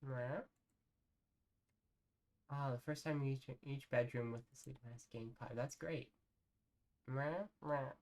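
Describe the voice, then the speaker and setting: Very low-voiced woman streamer, meowing. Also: steady tone, moderate pace, few pauses, a little mellow. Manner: murmurs to herself, keeps saying meow. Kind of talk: casual game commentary.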